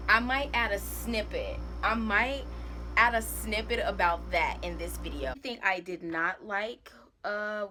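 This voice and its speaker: A woman's voice: medium pitch, background noise. A young woman, chatting casually and rambling through a makeup vlog, with dramatic outbursts. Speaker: beauty vlogger.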